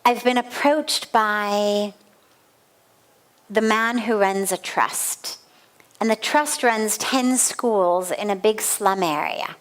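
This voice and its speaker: A middle-aged spiritual teacher gives a satsang talk, sharing a personal story with earnest, vivid emphasis and repeated phrases. She speaks slowly in a mid-range voice.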